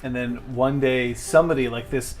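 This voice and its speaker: A man's voice: medium pitch, steady tone, moderate pace, faint music behind. A man running a tabletop game, chatting casually between scenes in a wry, rambling way with plenty of fillers.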